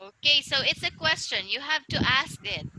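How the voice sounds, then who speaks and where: A woman tutoring English one-on-one over a video call, speaking slowly and encouragingly and modeling intonation for her student. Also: high-pitched, lively intonation, sharp tone, slight background noise, poor audio.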